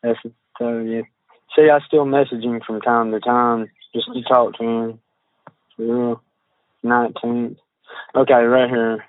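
A man, talking haltingly on a phone call and reading out text messages, with many fillers and restarts. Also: medium pitch, flat delivery. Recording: tinny phone line, dry.

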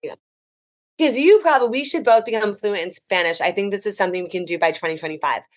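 An American woman, a travel writer guesting on a podcast, telling stories in a chatty, animated, enthusiastic way. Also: mid-range voice, quick pace. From United States. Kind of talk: casual podcast chat.

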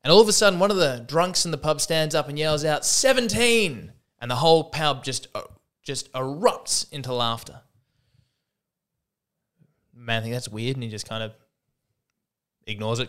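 A man's voice: medium pitch, a bit bright, smooth. A man hosting a solo comedy podcast, talking in a wry, self-mocking way and acting out the voices in his jokes. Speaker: podcast host.

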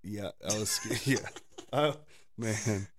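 Low-voiced man rambling through stories. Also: takes it slowly. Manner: rambling, laughs often, animated storytelling. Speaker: podcast co-host. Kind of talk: casual faith chat.

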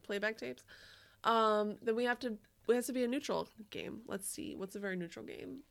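A woman's voice: a little high, normal speed, creaky. A woman co-hosting a casual podcast, talking in a loose, rambling way. She giggles often and drops the odd swear word. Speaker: podcast co-host. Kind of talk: casual chat.

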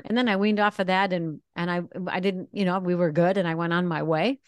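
Guest spot: middle-aged woman, lowish voice, dry close sound, confessional storyteller. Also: fairly even intonation, brisk, clean tone, dry recording. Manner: frank and confessional, acts out quoted dialogue. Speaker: interview guest. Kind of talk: candid personal storytelling.

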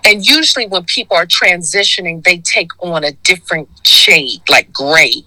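Bright-voiced woman in her sixties. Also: lowish voice, moderate pace, no room sound, poor audio. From Detroit. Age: 60s. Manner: animated storyteller, acts out quoted voices. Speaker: guest, skincare founder. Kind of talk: casual storytelling interview.

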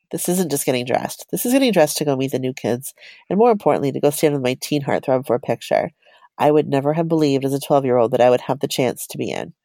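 A woman's voice: low voice, dark tone, no echo. A woman co-hosting a podcast, reading a personal story aloud in a chatty, giggly way.

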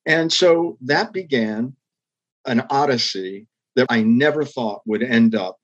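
A man's voice: medium pitch, takes it slowly, dull audio. An older man, a former public television executive, telling stories in an interview with earnest, reflective emphasis. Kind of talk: storytelling interview.

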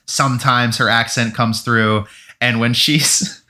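A man co-hosting a casual film podcast, animated and profane, mocking characters. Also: slow pace. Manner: animated, swearing, mocks characters in shrill voices. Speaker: podcast co-host.

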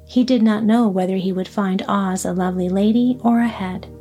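A woman reads a classic storybook aloud in a calm, even way. Her voice is mellow and warm rather than bright. Faint music runs quietly underneath. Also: medium pitch, normal speed. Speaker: audiobook narrator. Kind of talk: storybook reading.

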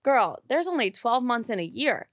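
A woman's voice: on the high side, big pitch swings, moderate pace, dry recording, studio quality. A young woman hosting an advice show, giving blunt, profane, emphatic advice in a casual way. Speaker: advice podcast host.

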